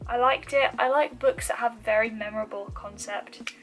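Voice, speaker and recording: A young woman from the UK chatting casually to camera about books she has read, with frequent ums and soft, trailing asides. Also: fairly high pitch, fairly even intonation, moderate pace, faint music behind, poor audio. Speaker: book vlogger.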